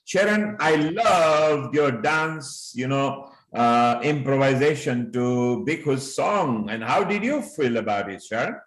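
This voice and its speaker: A man's voice: medium pitch, expressive, slow, few pauses, a bit bright. A man hosting a live online show over a video call, greeting and praising his guests with effusive compliments. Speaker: host. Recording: echoey room on video call.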